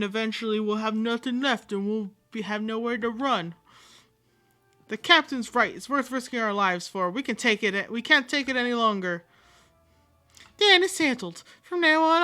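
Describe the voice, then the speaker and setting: Bright-voiced woman reading game lines aloud. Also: fairly high pitch. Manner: reads every part aloud, switching voices and accents, sometimes with pirate flourishes. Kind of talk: playful voicing of game dialogue.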